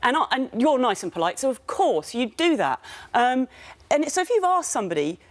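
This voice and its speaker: A woman's voice: high voice, big pitch swings, brisk. A woman, a comedian and campaigner arguing her point earnestly as a guest in a studio debate. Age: 40s.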